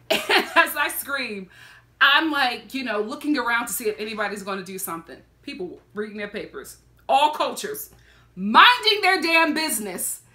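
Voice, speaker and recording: A woman from Philadelphia telling a story in a casual reaction vlog, animated and laughing often. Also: on the high side, moderate pace. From Philadelphia, USA. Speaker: reality TV reaction vlogger.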